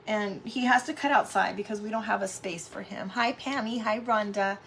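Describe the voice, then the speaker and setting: A woman's voice: medium pitch, normal speed, gravelly, a bit bright, a little hiss or hum. A middle-aged woman hosting a casual live craft stream at home, chatting with viewers and greeting them by name.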